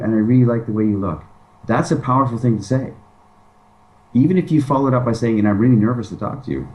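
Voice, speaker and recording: A man with a low, warm voice speaks as a guest in a relaxed interview. He is emphatic and often slips into acted-out pickup lines. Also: poor audio. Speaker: dating advice guest. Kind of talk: casual interview talk.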